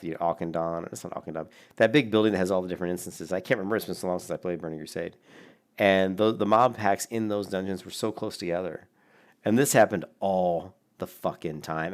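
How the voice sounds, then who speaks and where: Brief: man, somewhat low voice, rambling profane gaming commentator who laughs a lot. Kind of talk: casual reaction commentary.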